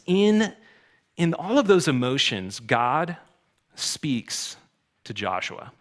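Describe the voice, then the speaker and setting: A man preaching a sermon in a conversational way, dropping to quiet asides and rising to loud exhortations. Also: medium pitch, expressive, takes it slowly. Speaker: pastor.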